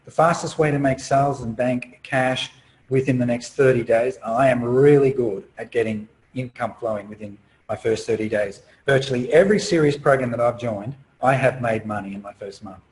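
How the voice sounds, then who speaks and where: A man's voice: medium pitch, moderate pace, a little mellow, poor audio. A middle-aged man hosting a webinar as a marketing coach, chatty and persuasive, often asking his listeners rhetorical questions. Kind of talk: webinar sales pitch.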